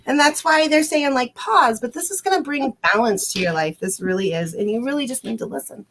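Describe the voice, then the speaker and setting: A woman's voice: a little high, animated, brisk, fairly bright tone. A woman giving a psychic card reading on a livestream, effusive and giggly, often repeating herself. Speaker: guest psychic. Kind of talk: live-streamed card reading.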